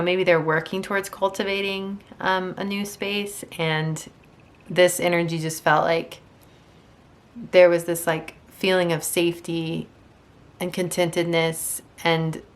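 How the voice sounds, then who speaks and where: A woman giving a casual tarot reading on video, chatty and gentle, with many ums and restarts. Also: fairly low pitch. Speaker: tarot reader. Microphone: camera mic.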